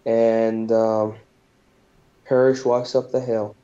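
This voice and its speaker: Podcast guy slowly retelling a movie, swears a lot, ums everywhere, muffled lo-fi sound. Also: lowish voice, flat delivery, warm tone. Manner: loose and profane, with frequent fillers. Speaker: podcast host. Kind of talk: casual movie recap. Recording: dull lo-fi recording.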